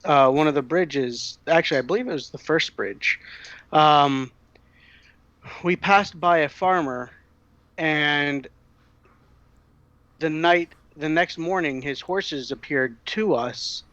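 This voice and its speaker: A man playing a tabletop role-playing game, speaking in character in a measured, deliberate way. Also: a little high, a bit bright, dry recording, dull audio. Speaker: player.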